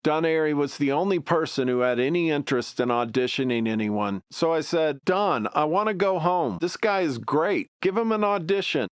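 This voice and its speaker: Smooth-voiced male documentary narrator. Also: on the high side, animated, normal speed, few pauses, dry recording. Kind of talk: scripted narration reading quotes.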